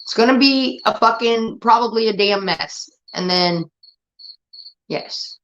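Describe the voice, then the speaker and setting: In dull lo-fi stream audio, a woman hosting a livestream talks casually, bluntly and profanely, irritated by her moderators. Her voice is on the high side, fairly bright, and slow-paced.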